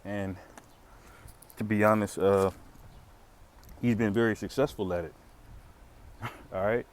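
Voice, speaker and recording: A man's voice: on the low side, fairly even intonation, slow, slight background noise. A man hosting a casual religious commentary video, rambling with many fillers and restarts and chuckling now and then. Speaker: commentary channel host.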